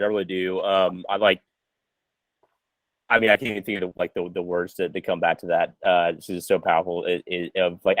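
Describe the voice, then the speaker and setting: Man, podcast host, deep voice, halting, searching for words, dry close sound. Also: fairly bright tone, dry recording, low-quality recording. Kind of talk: podcast interview.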